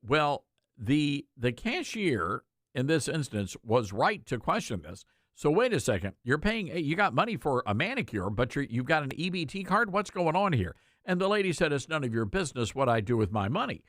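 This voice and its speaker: A man with a slightly high, very animated, fairly bright voice hosts a talk radio show at normal speed. He speaks emphatically and folksily, with clean studio sound and no room noise.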